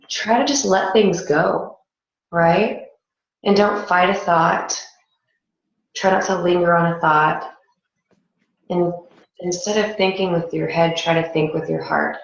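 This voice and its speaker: A woman with a low, gravelly voice leads a yoga and meditation class, giving gentle, unhurried instructions. The sound is dull and lo-fi, in a very echoey room. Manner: calm, gentle guiding instructions with a slow pace.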